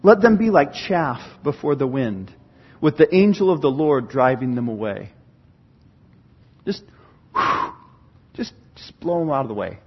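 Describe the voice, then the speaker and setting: A pastor preaching a sermon, asking the room rhetorical questions and swinging from hushed to loud. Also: male voice, mid-range voice, lively intonation, measured pace, long pauses, slightly rough, highs cut off.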